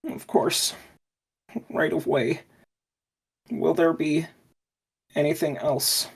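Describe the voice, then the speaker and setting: A woman playing a hushed, servile adventurer. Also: low-pitched, fairly even intonation, slow, vocal fry, slightly rough, full character voice. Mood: deferential. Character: servile kneeling adventurer, deferential.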